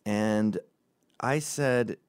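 A man's voice: fairly low pitch, very slow, smooth, dry recording, studio quality. A man ranting comedically as a podcast host, rambling and profane, jumping between tangents. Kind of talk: comedic rant.

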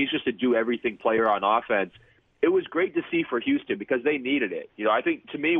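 A male basketball writer speaks as a radio guest, breaking down play in a lively, analytical way. His voice is dry and thin, as if heard over a phone. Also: medium pitch, no echo. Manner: enthusiastic, analytical. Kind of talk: radio interview. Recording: phone line.

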